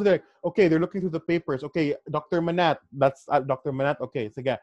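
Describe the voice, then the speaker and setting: A man's voice: fairly high pitch, fast talker, few pauses, darkish tone, dry recording, lo-fi sound. A man reading a classic novel aloud, breaking off for chatty, enthusiastic asides. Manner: chatty, enthusiastic asides, mixes in local words. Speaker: book reader. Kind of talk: casual book reading with commentary.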